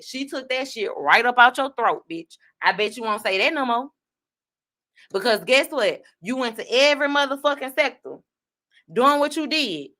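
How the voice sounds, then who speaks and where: A woman hosting an online talk show, giving blunt, profane commentary on online drama in a casual, fast-talking way. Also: on the high side, sharp tone. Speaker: online radio host.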